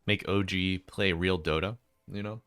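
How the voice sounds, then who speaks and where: Laid-back deep-voiced male caster. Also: steady tone, unhurried, fairly bright tone, clean tone. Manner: chatty, laid-back, reads out chat names. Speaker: esports caster. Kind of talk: casual live-stream commentary.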